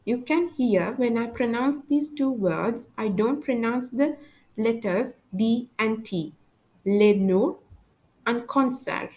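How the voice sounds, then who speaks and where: A woman teaching a French lesson at an unhurried pace. Her voice sits a little high, and she patiently repeats every example word. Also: lively intonation, mellow, low-quality recording. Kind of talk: language lesson.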